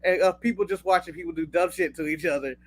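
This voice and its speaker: A man's voice: high voice, fairly even intonation, fast. A man from the United States co-hosting a wrestling podcast, talking bluntly in casual chat, swearing freely and laughing at his own jokes. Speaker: podcast co-host.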